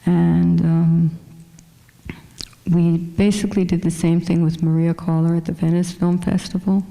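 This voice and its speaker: A woman's voice: lowish voice, flat delivery, measured pace, vocal fry, mellow. A woman fashion photographer with a small voice, chatting casually with many fillers as she shows her photos in a museum lecture hall.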